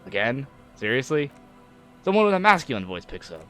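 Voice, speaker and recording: A man's voice: mid-range voice, very animated, fairly quick, fairly bright tone, soft background music. A man streaming a game, reading its text aloud and laughing constantly between exclamations. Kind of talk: casual let's-play commentary, reading game text aloud.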